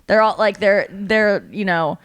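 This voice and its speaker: A woman hosting a podcast in casual chat, telling animated stories and acting out other people's voices. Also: medium pitch, unhurried, no room sound. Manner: animated storyteller, acts out voices. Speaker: podcast host.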